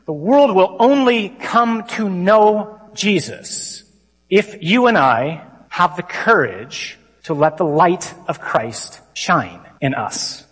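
A man, a priest, giving a lively conference talk to a crowd of men. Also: sits high, slow, breathy edge. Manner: lively, mimics stuffy readings. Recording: long hall reverb.

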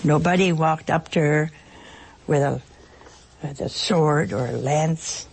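A woman preaching an emotional sermon, pausing dramatically and dropping at times to a whisper. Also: deep voice, creaky, darkish tone, breathy edge.

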